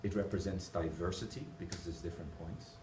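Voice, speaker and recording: Here the Irish conference speaker has a deep voice and talks fast, cracking jokes as he explains his drawings. A camera far back in the large hall captures him with plenty of echo and noise.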